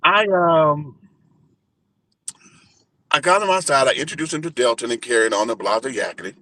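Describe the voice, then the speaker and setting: A man in his forties telling a personal story in an animated, flamboyant, profane way during a casual interview. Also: mid-range voice, normal speed. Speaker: guest, entertainer and radio host.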